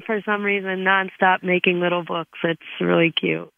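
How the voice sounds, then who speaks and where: Older woman, author guest, gravelly voice, halting with restarts, dull lo-fi dry sound. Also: on the low side, little pitch movement, no room sound. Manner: halting, many restarts and soft laughs. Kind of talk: casual interview answers.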